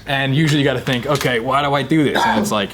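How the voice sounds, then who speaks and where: A man's voice: medium pitch, fast, soft background music. A man in his thirties from New Jersey, a guest comedian telling stories in casual chat, candid and swearing freely. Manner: relaxed, candid storyteller who swears freely.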